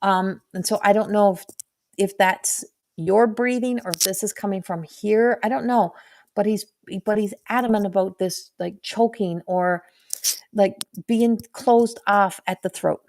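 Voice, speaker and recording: A woman's voice: mid-range voice, fairly even intonation, a little mellow. A middle-aged woman speaks as a medium in a live reading, her voice in an ordinary middle range. She gropes for words, restarts sentences and fills gaps with "like" as she passes on what she senses. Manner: halting, searching, full of restarts and "like". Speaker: intuitive medium.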